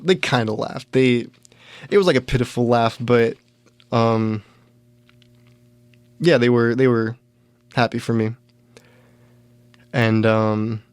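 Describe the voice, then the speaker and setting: A man's voice: medium pitch, smooth, no room sound. A young man hosting a podcast, casually telling a rambling, self-deprecating story full of fillers and restarts. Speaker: podcast host.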